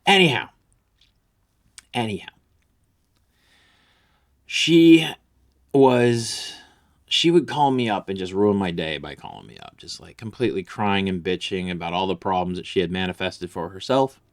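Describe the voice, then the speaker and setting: Male comedy vlogger, lowish voice, crude boastful rambling rant. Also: lively intonation, moderate pace.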